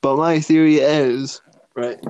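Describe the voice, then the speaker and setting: A man's voice: a little high, steady tone, slow pace, a little mellow, clean tone, no echo, lo-fi sound. A young man chatting casually as a podcast co-host, rambling and hesitant, laughing often. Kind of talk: casual chat.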